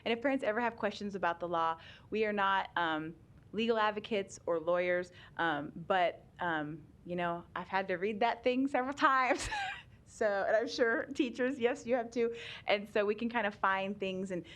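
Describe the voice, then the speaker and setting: A woman's voice: mid-range voice, moderate pace, fairly bright tone. Chatty, laughing woman explaining law. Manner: chatty, laughs often, many ums. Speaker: guest presenter on special education law. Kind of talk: explanatory talk at a public meeting.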